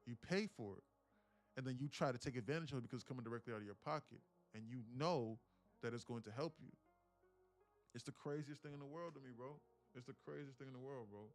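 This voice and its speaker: A young man hosting a live day-trading stream, talking casually and telling stories in animated, profane slang. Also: mid-range voice, fast, faint music behind. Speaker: day-trading livestream host.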